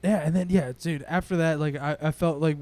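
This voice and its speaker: A young man, co-hosting a podcast and telling a long story in a rambling, excitable way, swearing often. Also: on the high side, a little fast. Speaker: podcast co-host. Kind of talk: casual storytelling chat.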